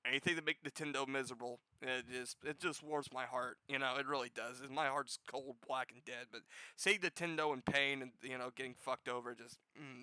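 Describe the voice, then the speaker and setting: A man's voice: mid-range voice, clean tone, dry recording, low-quality recording. Profane, sarcastic man ranting about games. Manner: profane, sarcastic, swings from loud outbursts to muttering. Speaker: gaming news host. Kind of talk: ranting casual commentary.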